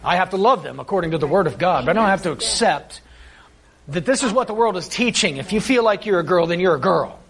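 Emphatic high-voiced middle-aged man preaching. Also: expressive, fast. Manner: preachy, emphatic, voices his kids in quotes. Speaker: Christian talk show co-host. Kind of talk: faith-based conversation.

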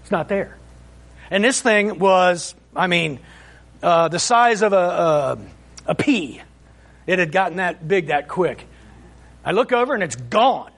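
A man's voice: high-pitched, lively intonation, moderate pace, fairly bright tone. A man preaching in a folksy, fervent way, telling a personal testimony with frequent amens and restarts. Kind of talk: informal sermon testimony.

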